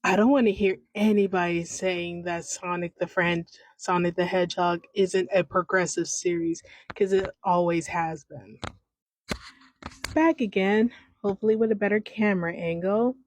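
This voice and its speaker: A woman's voice: lowish voice, steady tone, moderate pace, a little hiss or hum, low-quality recording. A woman in her thirties hosting a podcast, talking off the cuff in a rambling, stream-of-consciousness way with many restarts, on a home microphone. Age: 30s. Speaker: podcast host. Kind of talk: unscripted casual commentary.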